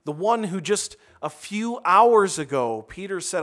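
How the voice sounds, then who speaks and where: A man's voice: high-pitched, lively intonation, a little slow, few pauses, a bit bright. Man preaching a conversational sermon. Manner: conversational preaching with frequent restarts and asides. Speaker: pastor.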